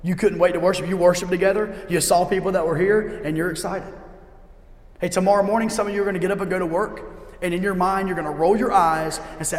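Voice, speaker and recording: A middle-aged man preaching a sermon as a pastor. He is emphatic and repeats key lines slowly for effect. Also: high-pitched, fairly even intonation. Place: church sanctuary. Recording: echoey hall with long reverb.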